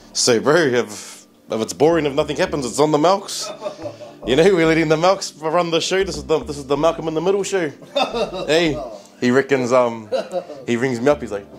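Joking New Zealand man vlogging. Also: fairly high pitch. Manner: joking, slangy banter with frequent laughs. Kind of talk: casual travel vlog.

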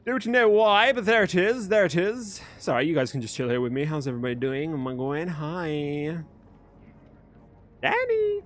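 A man's voice: fairly high pitch, lively intonation, brisk, hardly any pauses. Chatty British young man streaming live. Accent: British English, mostly neutral. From Birmingham, England. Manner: chatty, thanks viewers and reads out chat. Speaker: streamer host. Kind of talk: casual live-stream chat.

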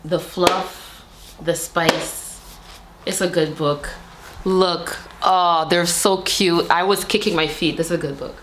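A woman's voice: on the low side, steady tone, slow. A young adult woman vlogger chatting to camera, gushing and rambling with many fillers. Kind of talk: casual chat to camera. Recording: echoey room with faint noise.

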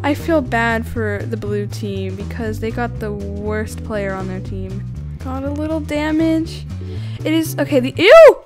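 A woman giving casual, giggly, excitable commentary while playing a video game, often laughing at herself. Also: on the high side, measured pace, over music. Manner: giggly, excitable, self-deprecating. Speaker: gaming YouTuber.

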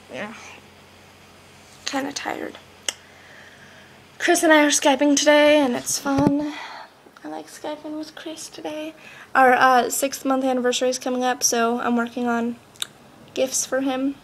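Chatting into her laptop mic at home, a seventeen-year-old girl rambles through a casual vlog, bubbly and saying "like" constantly. Her voice sits high, with a faint hiss or hum underneath.

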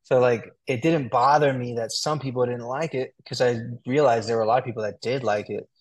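A young adult man as an interview guest, talking in a relaxed, chatty way full of "like" and "dude". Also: medium pitch, brisk. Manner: relaxed, talkative, fillers like "like" and "dude". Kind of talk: casual interview.

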